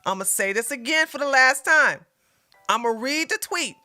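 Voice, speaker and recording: A woman with a high, sharp, bright voice rants at her chat in blunt, cursing commentary. She mocks and repeats her points with a forceful edge, and faint music plays behind her. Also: expressive, normal speed. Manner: blunt, cursing, mocking, laughs loudly. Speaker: livestream host reacting to a clip. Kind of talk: heated profane commentary.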